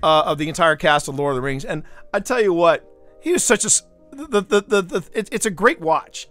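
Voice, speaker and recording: A man streaming from home in casual chat, telling stories with lively voiced impressions. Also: high-pitched. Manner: animated storytelling with voiced impressions.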